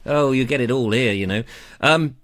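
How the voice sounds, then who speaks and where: A man's voice: mid-range voice, normal speed, fairly bright tone. A middle-aged English man hosting a live online show, chatting casually and reading out viewer comments in a rambling, playful way.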